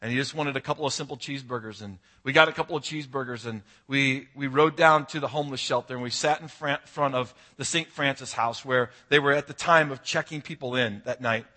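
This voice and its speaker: A man preaches from the pulpit in a bright, forceful voice. He tells his story with earnest conviction, dropping to a hush and then building to emphatic peaks. His pitch sits at an ordinary middle. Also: brisk, hardly any pauses. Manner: earnest, swings from hushed to emphatic. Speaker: pastor. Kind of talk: sermon storytelling.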